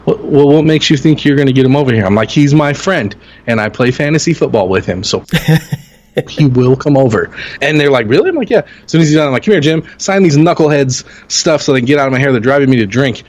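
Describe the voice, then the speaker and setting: A man co-hosting a sports podcast, telling lively anecdotes and acting out quotes in raised voices. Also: fast, lo-fi sound. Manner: animated storyteller, acts out quotes in higher voices. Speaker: podcast co-host. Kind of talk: casual sports chat.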